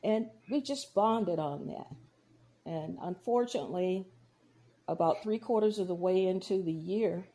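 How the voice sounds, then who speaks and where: A woman's voice: lowish voice, unhurried, dark tone. A woman from Georgia with a Midwestern accent, a podcast guest and deacon sharing her personal testimony, telling stories and acting out the dialogue. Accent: Midwestern American. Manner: storytelling, acts out quoted dialogue.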